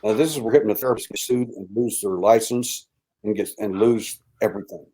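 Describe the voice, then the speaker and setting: An older man, a guest in an interview, tells a story with animated delivery, acting out quoted voices and dropping to a hushed tone. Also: on the low side, a little fast.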